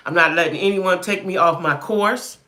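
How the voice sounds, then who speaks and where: A woman's voice: on the low side, normal speed, pushed and bright. A woman hosting a casual live stream, talking straight to her viewers, repeating herself for emphasis and answering their comments as they come in. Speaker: livestream host.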